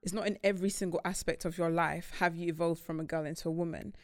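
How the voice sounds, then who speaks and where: A young woman, chatting casually and telling animated stories about married life. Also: on the low side, fast talker, no echo, studio quality. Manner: animated storytelling. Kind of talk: casual chat.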